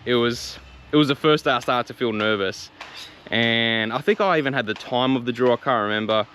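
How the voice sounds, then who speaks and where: A young man casually retelling a personal faith story, chatty and quick to laugh, with lots of fillers and restarts. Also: mid-range voice, fairly bright tone, slight background noise.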